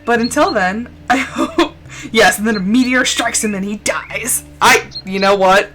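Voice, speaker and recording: A woman streamer talks loosely over her gameplay and keeps wandering into tangents. Her voice sits a little high and swings widely in pitch, and it sounds bright and lively. Soft music plays underneath. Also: unhurried. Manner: rambling, goes off on tangents; animated and expressive. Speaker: game streamer. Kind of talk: casual gameplay chat.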